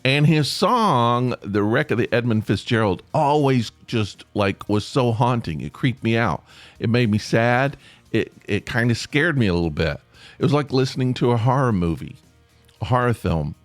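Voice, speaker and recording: A man's voice: mid-range voice, expressive, moderate pace, no room sound. A man hosting a podcast, talking in a casual, rambling solo monologue with lots of fillers and restarts. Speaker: podcast host.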